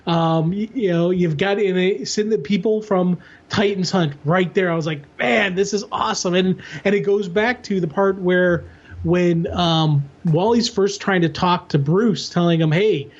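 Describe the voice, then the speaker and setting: High-voiced eager podcast man, muffled. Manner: enthusiastic, quick, many restarts. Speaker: podcast co-host. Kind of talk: casual comics discussion.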